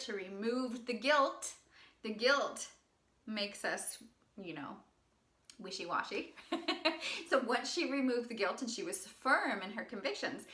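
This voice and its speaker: Bright, echoey-voiced woman vlogger. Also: fairly high pitch. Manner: upbeat, laughs often between points. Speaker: channel host and wellness practitioner. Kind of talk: direct-to-camera advice talk. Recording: echoey room.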